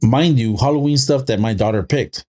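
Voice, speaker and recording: A podcast co-host in his thirties, warm-toned and mid-pitched, chats casually and rambles through stories in loose, looping sentences. He acts out a child's lines with quick jumps in pitch.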